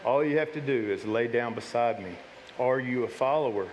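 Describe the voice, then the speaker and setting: A man's voice: mid-range voice, moderate pace, a little hiss or hum. A man preaching a casual, conversational sermon to his church, often repeating and restarting his words. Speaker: pastor. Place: church sanctuary. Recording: long hall reverb.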